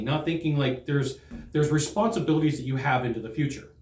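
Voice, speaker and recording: A man's voice: mid-range voice, fairly quick, darkish tone, reverberant. Earnest man giving sales training talk. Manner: earnest, conversational, repeats words when restarting. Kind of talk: direct-to-camera training talk.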